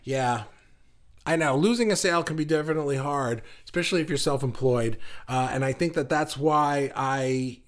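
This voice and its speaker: A man's voice: medium pitch, moderate pace. A man hosting an online art group livestream, chatting casually and encouragingly as he reads viewer comments, often restarting his sentences. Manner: encouraging, talks in loose restarts and repeated words.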